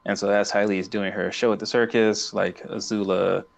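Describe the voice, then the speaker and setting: Gravelly low-voiced man. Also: little pitch movement, normal speed. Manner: laughs often while retelling scenes. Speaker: podcast co-host. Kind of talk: casual chat.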